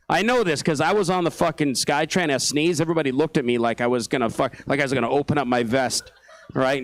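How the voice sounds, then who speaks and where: A man's voice: a little high, poor audio. Ranting profane male stand-up comic. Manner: angry ranting, profane, laughs at own jokes. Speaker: stand-up comedian. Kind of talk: stand-up set. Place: small theatre stage.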